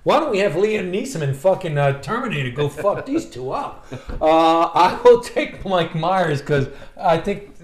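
A man chats casually, swearing freely and laughing often. His voice sits fairly high and swings widely in pitch. The room around him is echoey. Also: a little slow. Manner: profane, animated, laughs often. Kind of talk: casual chat.

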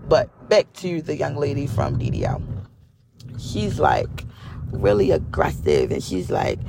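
Gravelly-voiced woman telling a story. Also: low-pitched, huge pitch swings, normal speed, darkish tone, slight background noise. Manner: chatty, repeats phrases for emphasis. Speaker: vlogger. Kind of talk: casual storytelling.

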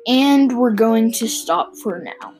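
A young narrator reading a storybook aloud, halting with restarts and little asides, and hosting a podcast. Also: mid-range voice, lively intonation, darkish tone, faint music behind, poor audio.

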